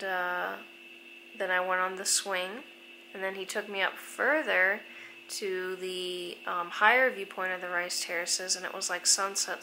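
A woman's voice: medium pitch, bright, forceful tone, slight background noise, rough recording. A young woman telling a travel story in a casual, chatty vlog, filling her talk with "like". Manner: chatty, says "like" constantly. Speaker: travel vlogger.

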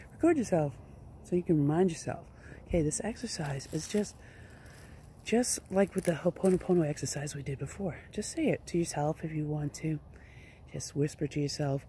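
An earnest self-help vlogger gives a casual motivational talk, coaxing the listener along with a playful touch. The voice is mellow, at a middling pitch. A faint hiss sits behind the speech. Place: outdoors at a rural home.

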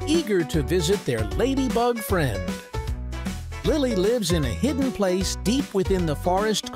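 Slow, expressive storybook narrator man. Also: high-pitched. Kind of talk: children's read-aloud narration.

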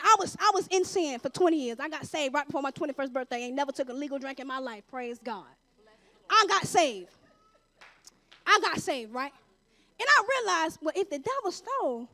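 A woman giving a fervent sermon testimony in a church, emphatic and exhorting, breaking into shouts of praise. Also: very high-pitched. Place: church sanctuary.

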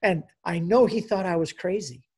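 A man's voice: high voice, moderate pace, darkish tone, breathy edge. A man in his sixties giving an emotional personal testimony as a guest speaker, telling his story and acting out the dialogue.

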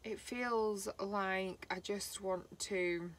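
A woman giving a slow, halting spiritual card reading, voicing feelings with emotion. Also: mid-range voice, steady tone. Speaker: tarot reader.

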